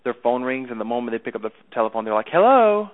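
A man's voice: mid-range voice, level tone, rapid-fire. Man coaching over a tinny phone line. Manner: chatty, repeats himself, asks to check understanding. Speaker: sales coach.

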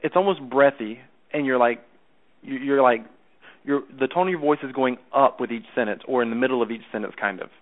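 A man's voice: mid-range voice, brisk. A man coaching someone over the phone in a chatty way, often repeating himself and checking that he is understood. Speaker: sales coach. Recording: tinny phone line.

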